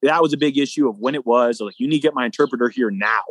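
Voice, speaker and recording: A young man, a guest athlete, telling a long story in a casual, animated way, acting out both sides of the dialogue. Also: medium pitch, rapid-fire, no echo.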